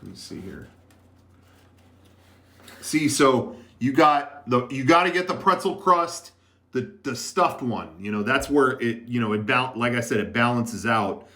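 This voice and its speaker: A man's voice: mid-range voice, lively intonation, measured pace, sharp tone. A man hosting a casual livestream from an editing room, rambling and chatty to the viewers. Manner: rambling, chatty, with many fillers and restarts. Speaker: livestream host. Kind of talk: casual chat to a live chat.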